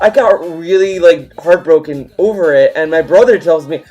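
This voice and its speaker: A man in his twenties, a livestream host telling a story in casual, rambling chat, full of restarts and animated turns. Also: fairly high pitch, moderate pace, hardly any pauses, faint music behind.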